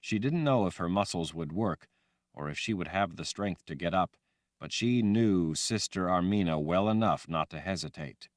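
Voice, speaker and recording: A man reading a fantasy audiobook aloud in a dramatic, expressive way. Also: deep voice, moderate pace, no room sound, studio quality. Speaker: audiobook narrator. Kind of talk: scripted fantasy audiobook narration.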